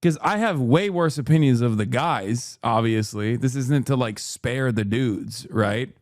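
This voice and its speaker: A man's voice: medium pitch, measured pace, dry recording, studio quality. A man streaming and talking to his chat in a casual, self-questioning way, often repeating himself. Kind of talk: casual reaction commentary to chat.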